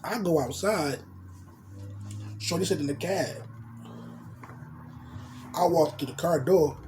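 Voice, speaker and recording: A man's voice: fairly high pitch, slow pace, warm tone, slight background noise. A man telling a crude personal story in casual slang, dropping in spoken sound effects. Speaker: storyteller vlogger.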